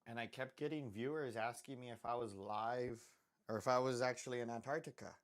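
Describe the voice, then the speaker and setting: A man's voice: mid-range voice, a little fast. A man chatting casually while drawing on a live stream, rambling and self-deprecating, often trailing off into mutters.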